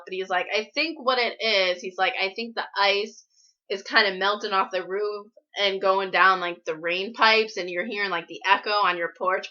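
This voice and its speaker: A woman's voice: medium pitch, bright, forceful tone, highs cut off. Young woman chatting into a laptop. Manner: chatty, laughs often, frequent "like" and "um". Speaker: YouTuber answering viewer questions. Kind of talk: casual storytelling and Q&A.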